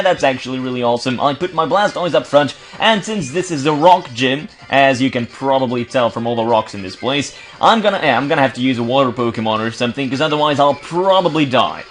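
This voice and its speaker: A Belgian let's play commentator chats casually over his gameplay in a medium-pitched, slightly bright voice. He stutters and restarts words often and tosses in joking, sarcastic asides.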